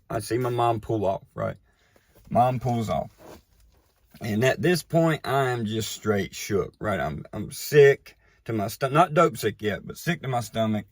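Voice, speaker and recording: A man casually telling a personal story, animated and conversational, often checking in with the listener. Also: medium pitch, dry recording, clean studio sound. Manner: animated, tags lines with "right?" and "you know". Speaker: recovery storyteller.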